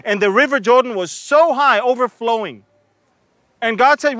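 A man's voice: very high voice, normal speed, bright, forceful tone, no echo. A man, teaching a humorous Bible sermon and acting out the people in the story. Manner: humorous, acts out biblical figures with sarcasm and laughter.

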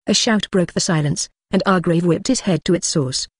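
An audiobook narrator reading a fantasy novel in an even, steady way. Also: mid-range voice, moderate pace, husky, no room sound, studio quality.

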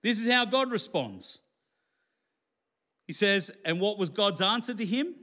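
A male preacher giving a sermon in a conversational, colloquial way, lifting his voice for emphasis and dropping low for quiet asides. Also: lively intonation, a little slow.

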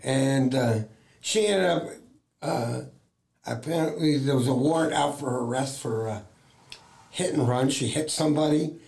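Here a middle-aged man from the US, a talent agent being interviewed, rambles through casual stories and imitates the voices of those he quotes, with many fillers. His pitch is medium, his pace moderate, and his slightly mellow voice carries some vocal fry.

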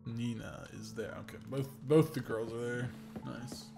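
Gravelly-voiced man muttering through a game. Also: mid-range voice, fairly even intonation, a little slow. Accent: Pacific Northwest American. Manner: muttering thoughts aloud, dry self-mocking asides. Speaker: game streamer. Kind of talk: casual gameplay commentary. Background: game music.

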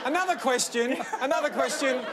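A team captain on a comedy panel show, quizzing a guest with wry, probing questions. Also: male voice, extremely high pitch, brisk, over a noisy crowd. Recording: noisy TV studio recording.

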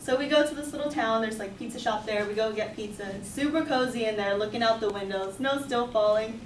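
A young woman tells a personal story to her class, chatty and animated, with "like" in every other phrase. Her voice sits a touch high. She is heard from across an echoey classroom, with a faint hum of room noise underneath. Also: brisk, distant mic. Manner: chatty, animated, full of "like" and laughs. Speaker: student storyteller.

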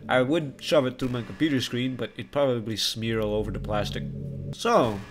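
A man's voice: mid-range voice, normal speed, music in the background. A young man hosting a let's play, joking and bantering with the game from his room at home. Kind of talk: gameplay commentary.

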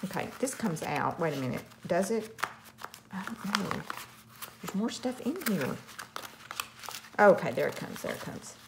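A woman chats through a craft unboxing in an unhurried way, gushing and exclaiming with delight. A faint hiss sits behind her home recording. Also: fairly low pitch, sing-song, vocal fry. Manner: gushing, effusive, frequent gasps and "oh my gosh". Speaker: craft channel host. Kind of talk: casual unboxing chat.

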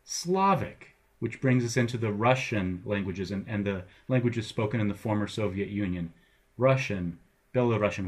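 Husky-voiced male professor lecturing. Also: fairly low pitch. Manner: wry, playful teacher's tone, jokes with students. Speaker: college English professor. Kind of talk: recorded lecture narration over slides.

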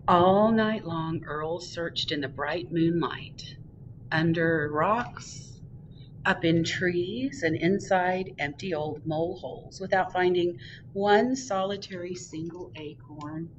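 A woman librarian reading a picture book aloud to children, expressive and drawn out. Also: lowish voice, slow, recorded from a distance, lo-fi sound, background noise.

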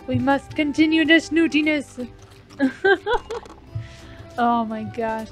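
A woman's voice: sits high, expressive, drawn-out words, long pauses, faint music behind. A woman hosting a casual let's play, cooing and giggling as she plays. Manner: cooing, giggly, easily delighted. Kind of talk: casual gameplay commentary.

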